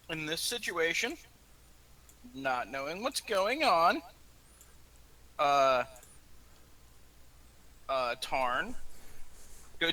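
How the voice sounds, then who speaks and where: A man's voice: high-pitched, bright, forceful tone, poor audio. A man playing in a tabletop game, talking through his moves in a hesitant, thinking-aloud way. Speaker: player.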